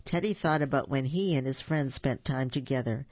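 A storyteller reading a children's picture book aloud, animated and warm, with small slips. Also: mid-range voice, moderate pace, no echo, dull audio. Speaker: storybook reader.

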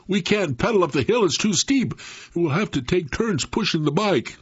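A man voicing a frightened young boy with a shaky, high, strained voice in a told story. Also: expressive, normal speed, husky, no room sound, muffled recording, heavily acted. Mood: scared.

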